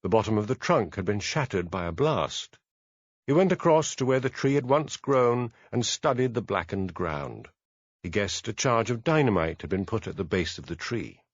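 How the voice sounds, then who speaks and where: A man narrating a mystery audiobook in a measured storytelling manner. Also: fairly low pitch, very animated, no room sound, highs cut off. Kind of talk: scripted narration.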